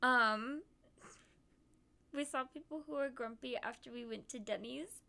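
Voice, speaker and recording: A woman's voice: high voice, animated, measured pace, gravelly, pushed and bright. A young woman streamer recounting a trip in a giggly, chatty way. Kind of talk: casual chat.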